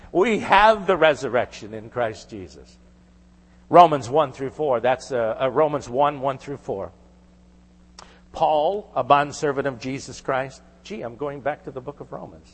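A man's voice: mid-range voice, animated, measured pace. A man preaching a sermon, earnest, rising to emphatic declarations. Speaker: pastor. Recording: long hall reverb.

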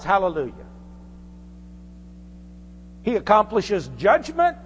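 Male preacher, fervent sermon, lively high voice, long reverb in a hall. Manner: fervent, emphatic, rhetorical questions to congregation.

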